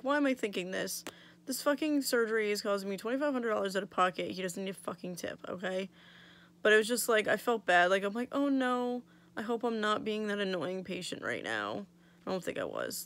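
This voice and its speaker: A woman's voice: medium pitch, fairly bright tone. A young woman vlogger telling a story in a casual, chatty way, laughing often and quoting her own thoughts. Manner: chatty, self-mocking, laughs often, quotes herself.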